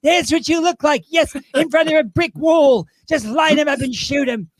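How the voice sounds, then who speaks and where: A man's voice: extremely high pitch, moderate pace, no room sound, pitched above the performer's own voice. A man doing an impression of a brash older female comedian with cutting insult humor and a barking drawl. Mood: mocking.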